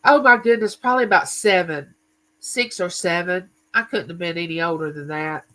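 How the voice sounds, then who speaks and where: Male livestream host, bright and forceful, loose chatty storyteller who greets his chat. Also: sits high, moderate pace, low-quality recording. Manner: chatty, tells stories and greets viewers by name.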